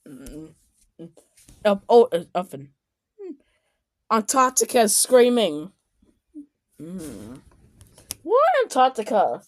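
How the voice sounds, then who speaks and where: Woman, casual reaction commentary, excitable, slow unhurried delivery, dry close sound. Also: medium pitch, no echo. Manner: excitable, exclaims and shouts often. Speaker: video commentator.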